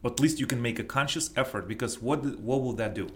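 A man's voice: mid-range voice, a little fast. A man hosting a casual talk show, speaking eagerly in a coaching way and often finishing his co-host's sentences. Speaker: host. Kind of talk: casual chat.

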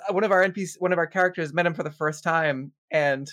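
A podcast co-host in casual chat, telling a tabletop game story in a lively way with frequent laughter. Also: mid-range voice, quick pace.

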